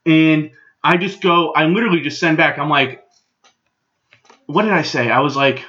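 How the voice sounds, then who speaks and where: A man's voice: fairly high pitch, normal speed, bright, forceful tone, highs cut off. A young man telling a story at home in a casual, profane, exasperated rant. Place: room at home.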